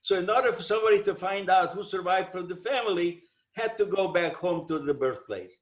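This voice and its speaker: An older man telling a personal story, halting and often repeating words as he restarts. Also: sits high, echoey room, muffled recording. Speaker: survivor telling his story.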